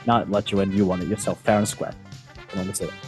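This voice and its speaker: A deep-voiced man talks fast in a level tone, faint music behind him, as he hosts and quizmasters a laid-back online football show. His banter is playful and self-mocking, with dramatic shifts in delivery.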